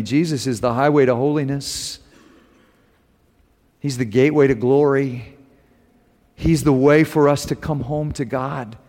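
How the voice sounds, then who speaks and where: A middle-aged man preaching a sermon, telling stories with animated rises and loud emphasis on key phrases. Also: medium pitch, unhurried, pauses often. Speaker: preacher and homiletics teacher. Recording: long hall reverb.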